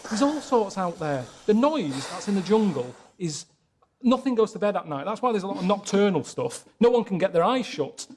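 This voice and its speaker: A man complaining in a flat, deadpan way during casual comic chat on a show. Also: high voice, moderate pace, a little hiss or hum. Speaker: reluctant traveller on a comedy show.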